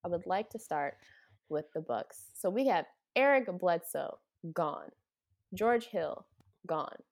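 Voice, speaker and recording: A woman co-hosting a casual sports chat, steering the topics and laughing along. She speaks slowly, in a lowish voice that rises and falls a lot. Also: lively intonation. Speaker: podcast co-host.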